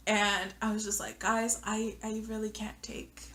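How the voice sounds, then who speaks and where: A young woman from the United States telling a story to the camera in a chatty way, heavy on fillers, now and then dropping into hushed asides. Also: mid-range voice, flat delivery, measured pace. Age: young adult. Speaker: vlogger. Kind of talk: casual storytime.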